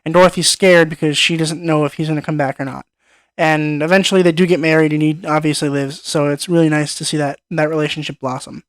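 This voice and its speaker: A young man reviewing a movie with rambling enthusiasm, piling up repeated words as he talks. His voice sits a little high for a man. The sound is dry and close, with no room echo at all. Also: flat delivery, fast talker. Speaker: film review vlogger. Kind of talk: casual film review monologue.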